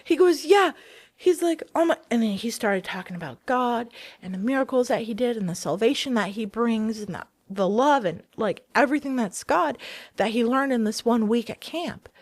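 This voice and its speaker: A woman, a guest in an interview, telling a personal story in a casual, animated way and acting out the dialogue she quotes. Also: on the high side, normal speed, no room sound.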